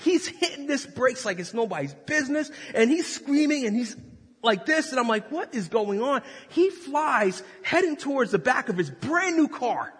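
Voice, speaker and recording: High, lively husky-voiced male preacher. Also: normal speed. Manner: animated, jokey, acts out voices. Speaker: pastor. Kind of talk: sermon with storytelling. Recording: long reverb of a large hall.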